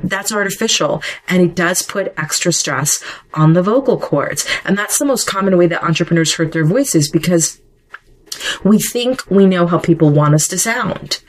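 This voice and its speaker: A middle-aged woman with a notably low voice hosts a solo podcast episode. She talks casually and conversationally, and often drifts off on side remarks before returning to her point. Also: rough recording. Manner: conversational, chatty with digressions. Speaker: podcast host.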